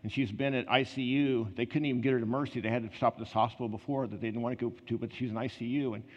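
A man preaching a conversational sermon, telling personal stories in an earnest way with quick asides and restarts. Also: medium pitch, fairly even intonation. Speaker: pastor. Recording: reverberant hall, slightly muffled.

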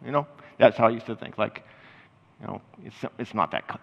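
A man's voice: lowish voice, brisk, vocal fry. An older man preaching a sermon as a pastor, talking conversationally, with restarts and short laughs. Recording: long hall reverb.

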